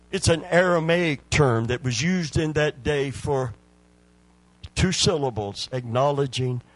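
A male preacher delivering a sermon, moving from hushed, drawn-out scripture lines to loud exhortation. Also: medium pitch, breathy edge.

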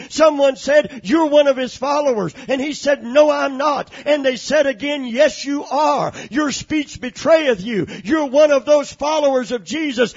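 A preacher giving a sermon, swinging from shouted, chanting climaxes down to low, quiet storytelling. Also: male voice, highs cut off. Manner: rising to shouted, chanting peaks, then dropping low and soft.

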